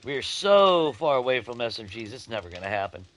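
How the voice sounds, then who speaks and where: A young adult man hosting a let's-play, chatting casually to his viewers, swearing freely and swinging between grumbling and giddy excitement. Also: medium pitch, fairly quick. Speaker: gaming channel host.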